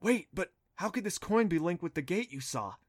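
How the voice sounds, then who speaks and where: A man voicing a sharp, skeptical young girl who scoffs and doubts, in a dry storybook reading. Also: high voice, expressive, no room sound, pitched above the performer's own voice. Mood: doubtful. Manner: indignant, quick to scoff.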